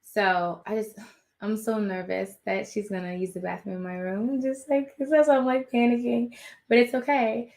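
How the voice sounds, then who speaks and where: A woman hosting a casual live stream from her home office, animated and rambling as she talks to viewers. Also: fairly high pitch, moderate pace, creaky.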